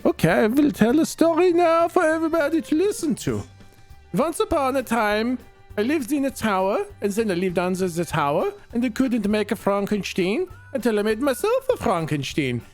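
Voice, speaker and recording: A man voicing a small, childish and proud male mushroom creature that speaks in a high, sing-song, simple-minded way.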